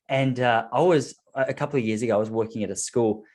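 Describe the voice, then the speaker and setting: An Australian man hosting a podcast, chatting casually and telling stories with an animated, laughing manner. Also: mid-range voice, quick pace. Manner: animated storyteller, laughs often. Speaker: podcast host. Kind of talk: casual chat.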